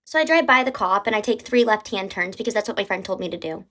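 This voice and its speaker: A young adult woman telling a true story from her life in a casual, animated way. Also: medium pitch, fast. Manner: animated, dramatic retelling with lots of "like".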